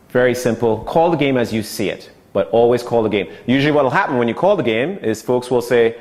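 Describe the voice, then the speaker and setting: A man's voice: medium pitch, lively intonation, a little fast, few pauses, a little mellow. A man teaching an online sales course in a casual, conversational way, often checking in with "okay" and acting out short quoted lines. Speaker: sales trainer.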